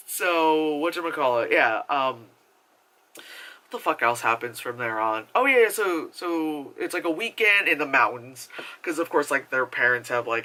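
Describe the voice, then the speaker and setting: A man giving a casual movie review vlog, animated and profane, laughing and acting out characters. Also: fairly high pitch.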